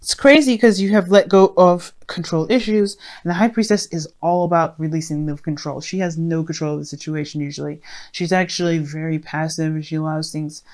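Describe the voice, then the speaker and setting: Low-voiced woman, rambling tarot reader. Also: steady tone, a little fast, darkish tone. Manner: rambling, many fillers and restarts; addresses viewers directly, friendly. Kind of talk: casual tarot reading monologue.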